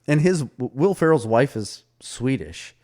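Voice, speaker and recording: A man's voice: medium pitch, unhurried. A man co-hosting a podcast, chatting casually and acting out quotes as he retells a story. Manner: animated storyteller, acts out quotes. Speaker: podcast co-host. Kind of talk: casual chat.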